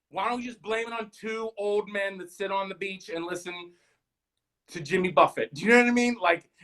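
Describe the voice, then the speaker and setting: A man's voice: high voice, fairly bright tone, poor audio. Rambling joking man in his thirties. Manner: joking, rambling, self-deprecating, addresses viewers as "guys". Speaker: comedian hosting a live stream. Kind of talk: rambling stand-up style chat.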